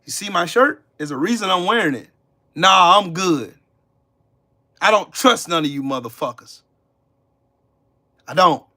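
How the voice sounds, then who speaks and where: A man's voice: high voice, sing-song, normal speed, long pauses, sharp tone. A man hosting a live stream, ranting angrily and cursing as he talks back to his chat. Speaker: livestream host. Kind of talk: angry live-stream rant.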